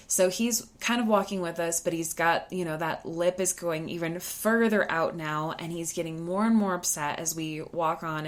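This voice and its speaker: A young woman with a slightly low voice tells a personal story on her podcast. She talks casually, leaning on "like" and restarting her sentences as she goes. The feel is loose and conversational, never scripted. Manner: chatty, full of "like" and quick restarts. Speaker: podcast host.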